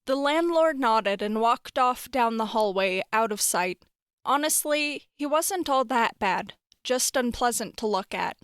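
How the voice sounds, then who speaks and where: A woman narrating a horror story in a wry, expressive storytelling manner. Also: on the high side, a little slow, clear, resonant tone, no echo, clean studio sound.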